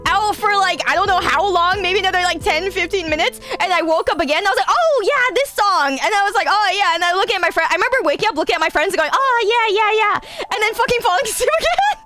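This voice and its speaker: Woman streamer host, high animated voice, candid storyteller who swears, soft music behind. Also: fast talker. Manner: animated, laughing, swearing freely. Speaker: radio show host, VTuber. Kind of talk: casual chat storytelling.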